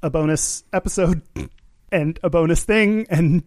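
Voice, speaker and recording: This male co-host speaks at a measured pace, his voice a touch high with a darkish color. The recording is dry and studio-clean as he rambles through casual podcast chat, packed with fillers and laughing often.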